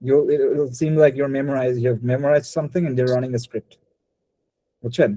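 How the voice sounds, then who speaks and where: Fast-talking man teaching. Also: medium pitch, steady tone, warm tone, dry recording, rough recording. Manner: rapid mix of English and Bengali, frequent restarts. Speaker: spoken English teacher. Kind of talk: live online class feedback.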